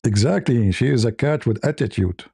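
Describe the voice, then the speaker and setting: A man's voice: animated, normal speed, gravelly, warm tone, breathy edge, dry recording, studio quality. A man hosting a casual talk show, rambling through a story with many restarts and fillers. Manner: rambling, many restarts and fillers, squeaky voices when quoting. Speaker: host.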